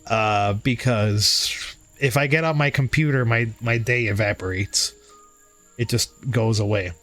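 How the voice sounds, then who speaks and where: A man's voice: mid-range voice, unhurried, fairly bright tone, soft background music. A man hosting a livestream and chatting candidly with viewers, swearing freely and being hard on himself. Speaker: livestream host. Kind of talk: casual stream chat.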